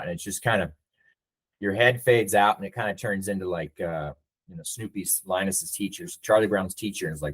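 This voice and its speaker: Low husky-voiced man telling a story. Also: a little fast, fairly bright tone, rough recording. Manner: reflective storyteller who acts out quoted dialogue. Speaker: interview guest, nonprofit CEO and navy veteran. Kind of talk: casual storytelling interview.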